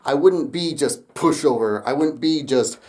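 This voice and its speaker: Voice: mid-range voice, measured pace, darkish tone. A young adult vlogger telling a rambling story straight to camera, laughing often and swearing casually.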